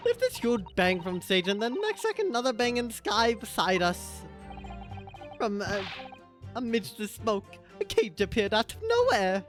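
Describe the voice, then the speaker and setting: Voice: mid-range voice, wildly swooping pitch, faint music behind, pitched above the performer's own voice. A streamer voicing a pompous male hot air balloon impresario with a put-on Italian accent and broken English. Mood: dramatic. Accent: attempted Italian. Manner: halting, hammy broken English. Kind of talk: live game dub by a streamer.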